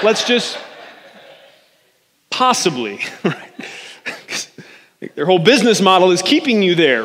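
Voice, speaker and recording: A man's voice: high voice, fairly bright tone, long reverb tail. A man preaching a casual, joking sermon as a pastor, often checking in with his listeners. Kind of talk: conversational sermon.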